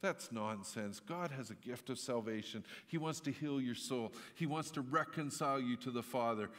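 A man's voice: mid-range voice, moderate pace, fairly bright tone. Conversational male preacher in echoey hall. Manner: storytelling, conversational preaching with emphatic outbursts. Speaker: pastor. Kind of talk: sermon.

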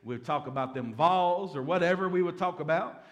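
A man's voice: on the high side, normal speed. A man, a pastor preaching a Bible-teaching sermon in a folksy way, with humorous asides.

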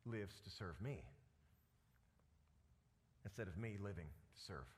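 A man preaching a sermon as pastor, animated and full of rhetorical questions. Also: lowish voice, measured pace, slight background noise.

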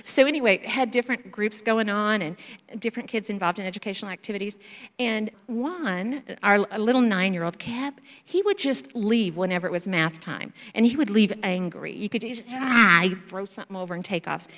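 A woman missionary sharing stories in a church talk, animated and acting out children's voices. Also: medium pitch, moderate pace. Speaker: missionary speaker. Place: church sanctuary. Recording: reverberant church hall.

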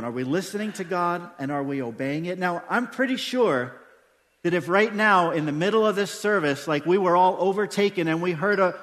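High-voiced man preaching in a reverberant hall. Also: a bit bright. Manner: emphatic, with frequent rhetorical questions. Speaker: pastor. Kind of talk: sermon. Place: church sanctuary during a service. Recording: long church-hall reverb.

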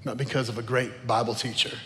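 A man's voice: mid-range voice, flat delivery, fairly quick, a bit bright, slight background noise. A man pastor preaching a sermon in an earnest, emotional manner, praying aloud between points. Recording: long reverb of a large hall.

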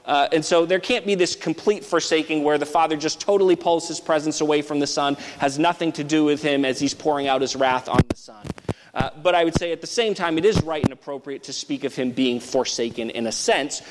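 A man's voice: fairly high pitch, a little fast, big-room sound, background noise. A man preaching an expository sermon, explaining step by step in a thoughtful way, with frequent restarts.

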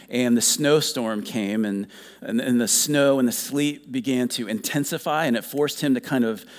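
Man preaching in a reverberant hall. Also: mid-range voice. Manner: storytelling, quotes with rising fervor. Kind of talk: sermon. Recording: reverberant hall with soft guitar.

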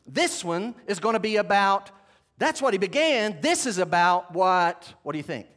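A man's voice: sits high, sing-song, normal speed, a bit bright. A man teaching a sermon, stressing key words, asking the audience questions and having them take notes. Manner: emphatic, asks the audience questions. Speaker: Bible teacher.

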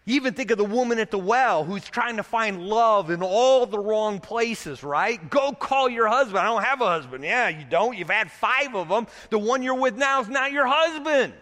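A man's voice: high-pitched, animated, normal speed, few pauses, pushed and bright, in a large hall. A man preaching a sermon as pastor, in a conversational way, asking rhetorical questions as he goes.

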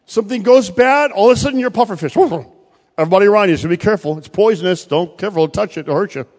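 A male pastor preaching a sermon, swinging from loud bursts to quiet, pointed asides. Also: high voice, fast. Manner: preaching with sudden loud rises and quiet drops. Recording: long hall reverb.

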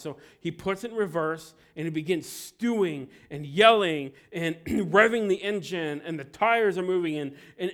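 A man preaching a sermon who speaks with emphatic stresses and lets phrase endings fall quiet. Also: on the high side. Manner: emphatic, swings between loud stresses and quiet trailing endings; acts out quoted voices in a story. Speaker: pastor.

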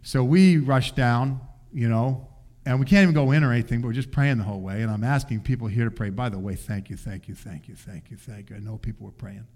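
An older man preaching, telling a family story in an animated way and acting out voices. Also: medium pitch, fast. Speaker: pastor. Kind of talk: sermon storytelling.

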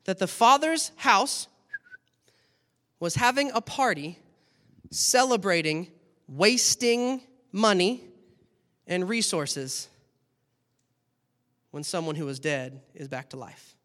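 Male preacher, high voice, animated storytelling sermon, long hall reverb. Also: takes it slowly, pauses often. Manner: animated storytelling, acting out scenes.

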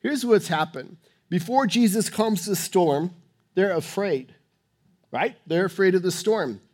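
A male preacher delivers a sermon in a high voice. He presses his points hard, rising to loud urging and dropping to hushed tones. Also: lively intonation, measured pace.

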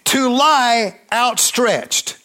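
A man preaching a sermon, fervent, with call-and-response and swings between loud emphasis and quiet intensity. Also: extremely high pitch, drawn-out words.

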